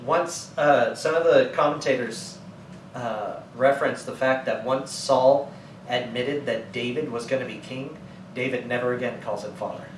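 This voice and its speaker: A man's voice: mid-range voice, moderate pace, echoey room, far from the mic, a little hiss or hum, low-quality recording. A man preaching as pastor, teaching scripture and retelling it in casual everyday words. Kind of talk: sermon teaching. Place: church.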